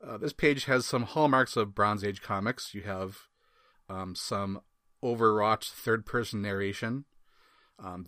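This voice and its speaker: Wry, low-voiced man reviewing comics. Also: a little slow, sharp tone, dry recording, studio quality. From Wisconsin. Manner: wry, laughs often, rambling asides. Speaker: podcast host. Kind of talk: casual comic book review.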